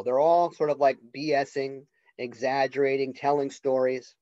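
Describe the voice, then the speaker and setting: A male college literature professor giving a casual classroom lecture, conversational and acting out characters' lines in quick voices. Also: medium pitch, little pitch movement, mellow, no room sound. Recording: dull lo-fi lecture recording.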